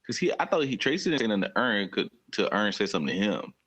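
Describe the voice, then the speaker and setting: A man co-hosting a podcast who chats casually, laughs as he talks, and pitches his voice up when he jokes. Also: very animated, quick pace, a bit bright, husky. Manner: laughs while talking, voice goes high when joking. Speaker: podcast co-host. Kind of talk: casual chat. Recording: dull lo-fi audio.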